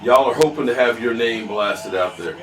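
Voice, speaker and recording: A man's voice: medium pitch, normal speed, roomy sound, far from the mic, noisy background. A man hosting a casual live stream, joking with his chat and scolding trolls. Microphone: desk microphone.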